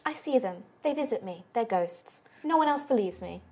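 A woman game master voicing a wary, scarred halfling woman prisoner who talks softly and calls people dearie. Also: expressive, moderate pace, slight background noise, close to an everyday voice. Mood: guarded. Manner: high, soft, calls others dearie.

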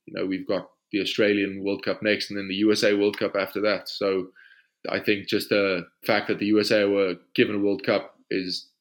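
A South African rugby player, an Afrikaans speaker, answering questions in a casual podcast interview in an easygoing way. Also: male voice, lowish voice, normal speed. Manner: relaxed, easygoing answers with frequent "you know".

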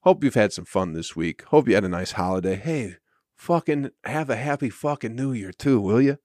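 A man's voice: medium pitch, expressive, normal speed, a little mellow, dry recording, studio quality. A man hosting his own comedy podcast, ranting casually and profanely into a podcast microphone and breaking into chuckles.

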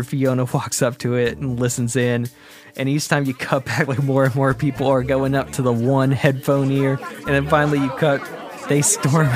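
A man improvising a comedic story, acting out characters with big jumps in his voice. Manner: animated, acts out characters with big pitch jumps.

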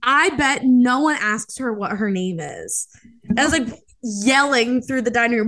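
A woman's voice: fairly high pitch, lively intonation, measured pace, a bit bright. A young woman co-hosting a podcast in casual chat, telling stories with lots of fillers and acting out quotes. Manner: chatty storyteller, acts out quotes, many fillers. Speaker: podcast co-host.

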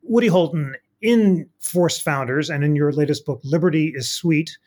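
A man's voice: on the high side, normal speed, darkish tone. A man moderating a panel, thanking a guest and putting long, carefully framed questions.

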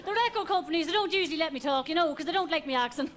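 A woman's voice: very high voice, animated, racing, voice pushed up. A woman playing a brash, chatty female pop singer with a thick Dundalk Irish accent, in an archive TV clip. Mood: giggly. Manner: loud, giggly, cheeky banter. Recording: archive TV clip with noisy crowd.

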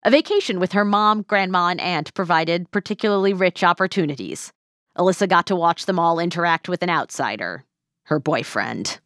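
Low-voiced woman podcast host. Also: moderate pace, fairly bright tone, no echo, clean studio sound. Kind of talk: scripted narration and interview chat.

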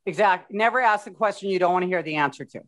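A woman's voice: on the low side, quick pace, a bit bright. A woman hosting a casual interview, who agrees briefly and asks curious follow-up questions.

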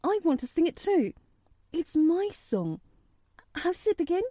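A woman's voice: very high voice, big pitch swings, a little slow, warm tone, no room sound, studio quality, pitched above the performer's own voice, heavily acted. A woman reading aloud, voicing an earnest, formal young boy who talks in a precise and eager way.

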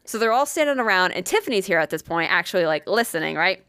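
A woman's voice: lowish voice, lively intonation, quick pace, a bit bright, clear, resonant tone, dry recording. A woman telling a workplace story in casual chat, blunt and swearing often, acting out what people said.

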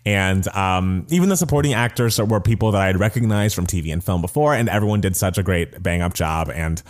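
A man co-hosting a casual podcast, chatty and animated, laughing often as he talks about movies and music. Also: sits low, brisk. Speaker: podcast co-host.

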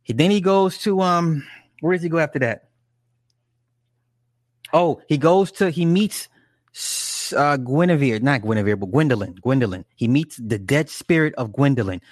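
A man's voice: on the high side, animated, moderate pace, no echo, studio quality. A man casually retelling a story in a rambling, profane way, with frequent restarts and asides. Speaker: film recapper. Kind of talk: casual chat.

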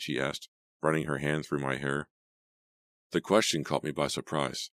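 A man narrating an audiobook in a measured, even storytelling manner. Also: extremely low pitch, no echo, clean studio sound. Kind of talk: scripted narration.

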